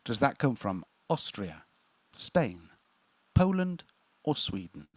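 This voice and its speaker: A man's voice: mid-range voice, sing-song, slow, darkish tone. A man hosting a casual online quiz, chatty, laughing easily and tripping over repeated words. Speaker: quiz host. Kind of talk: casual live-stream chat.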